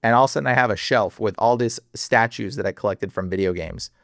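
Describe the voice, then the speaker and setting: Excitable man telling a story, dry sound. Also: fast talker, dry recording. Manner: excitable, laughs often, slangy with many fillers; voice jumps high when excited. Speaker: podcast guest. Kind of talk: casual personal storytelling.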